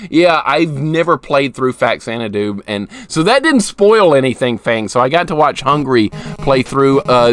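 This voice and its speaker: A man doing live gameplay commentary for his stream, chatting with viewers as he plays. His voice swings lively up and down, breaking into frustrated outbursts at the game. Faint music plays behind him. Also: mid-range voice.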